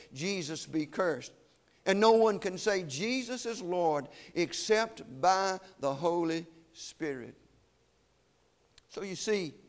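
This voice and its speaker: A man preaching a sermon, solemn and emphatic, slowing down to weigh key phrases. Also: high voice.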